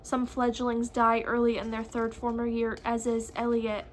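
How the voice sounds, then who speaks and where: A woman voicing a vampire high priestess who addresses a class in a tense, commanding, solemn way. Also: monotone, normal speed, a little hiss or hum, natural voice.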